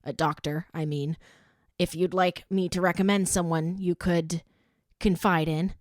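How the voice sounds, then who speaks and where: A composed adult woman who advises a cheer squad, as a woman reading the book puts her on. She speaks in a measured, level way with quiet sympathy. The voice sits a little low and sounds dry and close. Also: steady tone, dry recording, close to an everyday voice. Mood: sympathetic.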